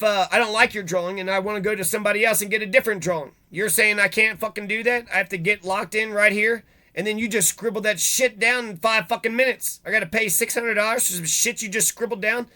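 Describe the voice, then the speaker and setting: Male commentator, high and bright, angry profane monologue host. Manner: profane, heated, swings between reading and ranting.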